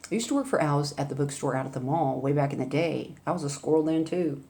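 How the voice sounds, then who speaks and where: Low, mellow older woman chatting. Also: fast talker, slight background noise. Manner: rambling, chatty, with laughs and asides. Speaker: vlogger. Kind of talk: casual storytelling chat.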